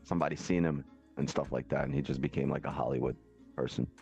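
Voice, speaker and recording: Deep gravelly man, laid-back. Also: steady tone, quick pace, darkish tone. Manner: laid-back, joking, swears casually. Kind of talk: casual chat. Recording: lo-fi stream audio with faint music.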